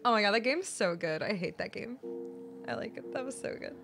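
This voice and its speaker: A young woman streaming a horror game, reacting casually and excitably, swearing and gasping as she plays. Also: mid-range voice, brisk. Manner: excitable, swears, frequent gasps and squeals. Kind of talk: casual live gameplay reactions. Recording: game music playing behind.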